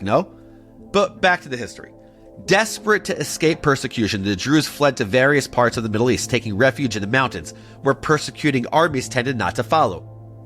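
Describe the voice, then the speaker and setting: Guy hosting a history podcast, super animated, jokey, faint music in the back. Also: mid-range voice. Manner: playful, animated, jokey asides. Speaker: podcast host. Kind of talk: scripted history explainer.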